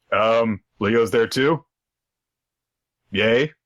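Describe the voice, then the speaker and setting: Man co-host, lower voice, bright and expressive, recaps manga with quick put-on voices. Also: no room sound, muffled recording. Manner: animated, acts out characters in jokey voices, swears. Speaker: podcast co-host. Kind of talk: casual chat recapping manga.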